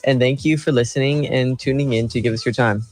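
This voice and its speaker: A man's voice: medium pitch, fairly even intonation, a little fast, a little mellow. A man casually wrapping up the segment in an easygoing, upbeat way. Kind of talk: casual wrap-up remarks.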